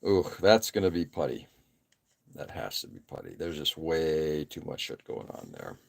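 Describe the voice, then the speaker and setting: A man's voice: extremely low pitch, normal speed, vocal fry. A man in his forties hosting a live stream, chatting casually and rambling with many fillers while he works on a model kit. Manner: relaxed, rambling, frequent uh fillers and self-deprecating asides. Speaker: live stream host building model kits. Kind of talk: casual chat while working.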